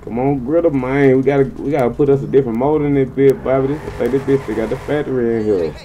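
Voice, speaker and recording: A man giving casual, slang-heavy gameplay commentary in an excitable way, swearing freely and yelping high when things go wrong. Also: fast, muffled recording, a little hiss or hum. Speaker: gaming channel host.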